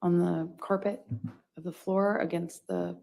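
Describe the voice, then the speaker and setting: A woman giving courtroom testimony in a halting way, with many restarts and pauses. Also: lowish voice, fairly even intonation, vocal fry, a little mellow. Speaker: witness testifying.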